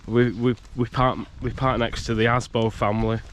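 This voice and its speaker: A man's voice: medium pitch, level tone, normal speed, a little hiss or hum. Chatty man vlogging outdoors, a bit bunged up. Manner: chatty, rambling, restarts and laughs. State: bunged up from a cold. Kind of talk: casual vlog, walking outdoors. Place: outdoors on a rural campsite by a loch.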